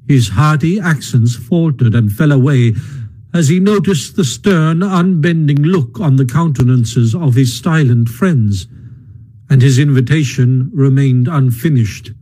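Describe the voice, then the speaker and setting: A man narrating a classic children's story in a measured storytelling voice, sometimes stumbling over a word. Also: mid-range voice, warm tone, rough recording. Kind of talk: audiobook narration.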